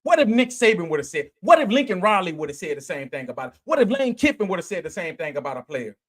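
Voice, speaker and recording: A man's voice: high voice, very animated, fast talker. A man hosting a podcast, ranting about college football in a blunt, slangy way, firing off rhetorical questions and restarting phrases as he goes. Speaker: podcast host. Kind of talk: sports commentary rant.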